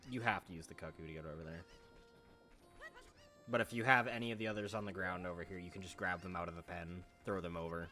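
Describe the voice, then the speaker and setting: A man with a lowish voice talks through his gameplay in a loose, joking way, cursing as he goes. Faint game music plays behind him. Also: steady tone, fast talker, sharp tone. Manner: profane, wisecracking. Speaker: let's play gamer. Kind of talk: casual gameplay commentary.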